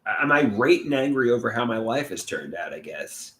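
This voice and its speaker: A man hosting a casual livestream and reading out chat comments. He talks haltingly, with restarts, and sounds frustrated and glum. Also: mid-range voice, sing-song, fairly bright tone. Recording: echoey room.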